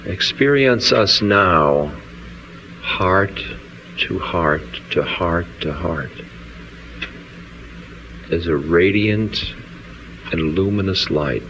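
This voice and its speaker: A man with a very deep voice leads a guided meditation. He speaks in an unhurried, soothing way and stretches his phrases out. The recording is dull and lo-fi, with a faint hiss of ambience behind him. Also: expressive, pushed and bright. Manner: slow, soothing, drawn-out phrases. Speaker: meditation leader.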